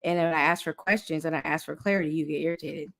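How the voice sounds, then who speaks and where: A woman's voice: deep voice, steady tone, quick pace. Blunt, exasperated woman in casual chat. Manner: blunt, exasperated, swears freely.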